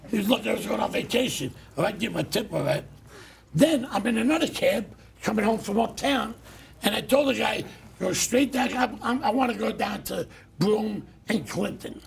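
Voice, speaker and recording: Gravelly, blunt New man ranting. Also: sits high, moderate pace, slight background noise. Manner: blunt, loud, animated storyteller. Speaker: talk show host. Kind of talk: casual ranting monologue.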